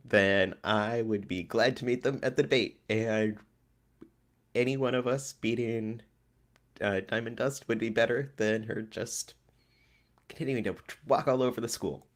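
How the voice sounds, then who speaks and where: A man's voice: mid-range voice, fairly even intonation, measured pace. A man playing a tabletop game, speaking with dry, wry humor. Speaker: player. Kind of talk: tabletop role-play.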